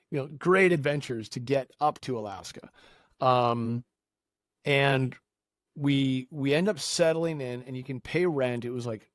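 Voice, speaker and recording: A man on a podcast telling a long story in a casual, animated way, acting out the people he quotes. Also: medium pitch, no room sound, studio quality. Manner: animated, acts out quoted voices. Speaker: podcast guest.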